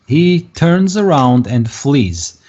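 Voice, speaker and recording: A man's voice: fairly high pitch, sing-song, slow pace, darkish tone. A man running a tabletop game as game master, narrating hesitantly with many fillers. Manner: hesitant, lots of ums and uhs. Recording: dull lo-fi recording.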